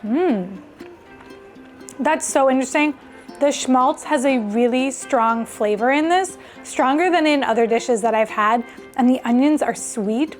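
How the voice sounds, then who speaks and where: A woman hosting a casual cooking vlog, chatting enthusiastically as she cooks in her home kitchen. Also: high voice. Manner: chatty and enthusiastic, thinks aloud while cooking. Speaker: cooking video host.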